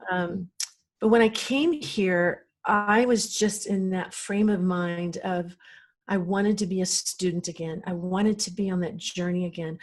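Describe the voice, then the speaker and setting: A woman's voice: fairly low pitch, fairly even intonation, measured pace. A middle-aged woman, a podcast guest, telling a personal story in an earnest, emotional way.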